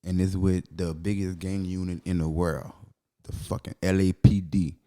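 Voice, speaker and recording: Low-voiced New Orleans man, slangy and profane. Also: flat delivery, moderate pace, warm tone. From New Orleans, USA. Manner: slangy, profane, loose storytelling. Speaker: comedian guest. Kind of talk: casual podcast chat.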